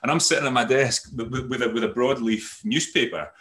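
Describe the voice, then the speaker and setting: A middle-aged man, a company head and podcast guest, recounting his school and university years in a thoughtful, halting way full of restarts. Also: medium pitch, a bit bright. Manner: thoughtful, halting, many restarts and "you know"s. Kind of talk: reflective conversational storytelling.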